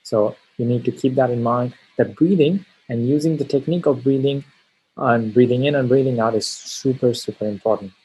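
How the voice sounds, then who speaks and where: A man's voice: medium pitch, brisk, warm tone, husky, rough recording. A man teaching a test-prep lesson on pronunciation, explaining step by step and often checking in with "all right?". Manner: frequent tag questions, stresses key words. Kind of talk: spoken lesson on exam pronunciation.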